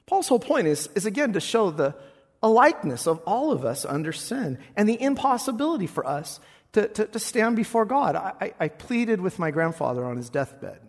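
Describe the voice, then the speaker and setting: A male pastor preaching a sermon, expressive, swinging between loud passages and hushed ones. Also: high voice, moderate pace, big-room sound.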